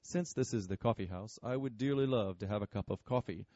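A man voicing a spirited young woman, a rich man's daughter, who speaks eagerly and brightly. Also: on the low side, brisk, no echo, highs cut off, lightly acted.

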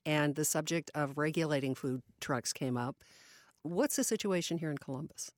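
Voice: medium pitch, normal speed, dry recording, clean studio sound. Radio host asking plain questions. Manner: steers the talk with plain questions. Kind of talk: radio interviewing.

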